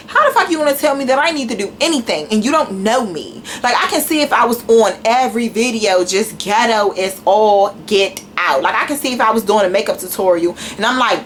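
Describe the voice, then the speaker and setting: A woman's voice: fairly high pitch, lively intonation, normal speed, hardly any pauses, fairly bright tone, slight background noise, low-quality recording. Blunt, profane D.C. woman. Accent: Washington, D.C. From Washington, D.C. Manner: blunt and profane, with a slangy mixed urban delivery. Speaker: YouTuber. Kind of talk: casual rant to camera.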